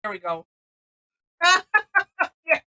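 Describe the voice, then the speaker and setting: A woman's voice: medium pitch, big pitch swings, very slow, bright, forceful tone, rough recording. A woman from Missouri teaching a live-streamed drawing lesson, chatty and rambling, often laughing between steps.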